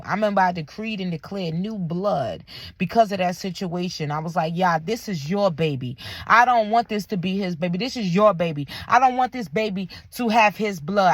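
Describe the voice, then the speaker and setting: A woman's voice: medium pitch, no room sound. Young woman, emphatic candid storytelling, dry close sound. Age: young adult. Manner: candid, emphatic, slangy with faith phrases. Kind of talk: personal storytelling to camera.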